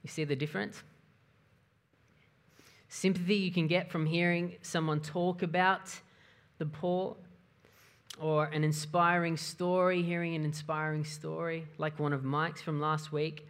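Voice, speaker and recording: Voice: mid-range voice, level tone, measured pace, fairly bright tone, clean tone. A pastor giving a conversational sermon, often asking the listeners questions. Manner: conversational, asks the audience questions.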